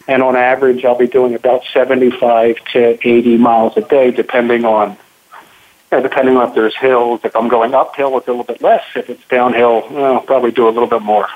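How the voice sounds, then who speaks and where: A man's voice: medium pitch, flat delivery. Earnest man on a tinny phone line. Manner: earnest, halting with fillers. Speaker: guest caller. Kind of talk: phone interview.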